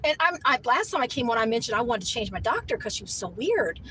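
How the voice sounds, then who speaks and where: Middle-aged woman, high voice, lively storyteller who laughs a lot and jumps up in pitch when shocked; faint vehicle hum. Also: fast, low-quality recording. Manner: animated, laughing, voice shoots up high when outraged. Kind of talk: casual storytelling.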